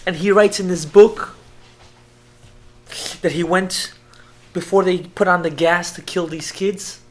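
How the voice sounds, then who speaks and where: A man, a rabbi, telling a story in an emotional sermon. He swings from hushed tones to loud, urgent speech and repeats phrases for emphasis. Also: high voice, steady tone, unhurried. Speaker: rabbi giving an inspirational talk.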